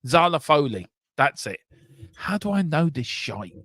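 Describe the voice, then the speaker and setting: A man hosting a football watchalong, chatting casually in a rambling, animated way and swearing now and then. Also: a little high, measured pace. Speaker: watchalong host.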